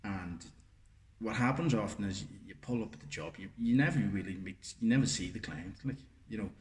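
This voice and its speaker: A man's voice: lowish voice, fairly quick, a little mellow. A middle-aged man, chatting casually as a podcast co-host and spinning a rambling, sweary anecdote. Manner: rambling storyteller, full of fillers and swearing. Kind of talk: casual chat, anecdote telling. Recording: roomy echoey room.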